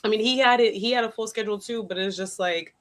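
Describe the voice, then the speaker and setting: A woman's voice: medium pitch, quick pace. A woman co-hosting a podcast, speaking frankly and with profanity, often laughing through her stories in casual chat. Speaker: podcast co-host.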